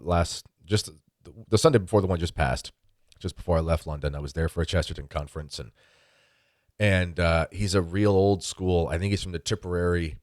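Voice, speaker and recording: A man's voice: low voice, dry recording, studio quality. A man hosting a podcast, talking in a casual chat style with emphatic bursts. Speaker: podcast host.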